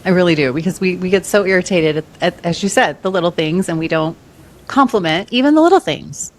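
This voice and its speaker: A woman's voice: on the low side, animated, brisk. A woman podcast host responding agreeably in a casual interview.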